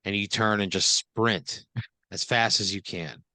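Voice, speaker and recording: A man's voice: lowish voice, fairly even intonation, unhurried, bright, forceful tone, dry recording. A man improvising a comedic second-person story on a podcast, rambling loosely with lots of fillers.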